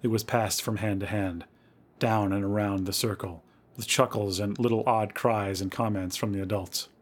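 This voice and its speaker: Male podcast host, lowish voice, dramatic spooky story reading. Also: fairly even intonation, normal speed.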